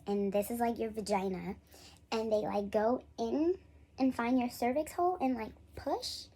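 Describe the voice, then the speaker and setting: A young woman talks to the camera in a lively, husky voice that sits high and leaps even higher as she acts out the people in her story. She chats casually and keeps the telling animated. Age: young adult. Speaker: vlogger.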